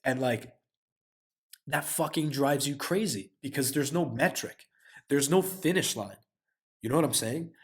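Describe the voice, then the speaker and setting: A young man in his twenties talks straight to the camera about what he learned, looping through his thoughts. His speech is loose and full of slang, curse words and a steady stream of "like". His pitch sits in the middle range for a man. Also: measured pace, pauses often. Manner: heavy slang and swearing, frequent filler "like". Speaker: vlogger. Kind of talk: casual reflective monologue.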